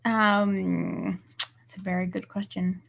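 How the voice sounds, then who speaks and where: A young woman speaking as a podcast guest, her voice gravelly with fry at a middle pitch. She talks casually and thoughtfully, hesitating often with fillers. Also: flat delivery, takes it slowly, a bit bright. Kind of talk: casual chat.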